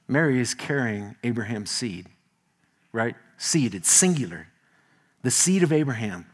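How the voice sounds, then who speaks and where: A male pastor preaching a sermon, telling stories in a folksy, animated way with homely asides. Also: medium pitch, measured pace, slightly rough.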